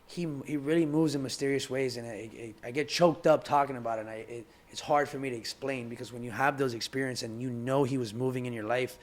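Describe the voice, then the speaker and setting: A young man talking as a podcast guest in casual conversation, heartfelt and halting, often repeating words as he searches for them. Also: mid-range voice, steady tone.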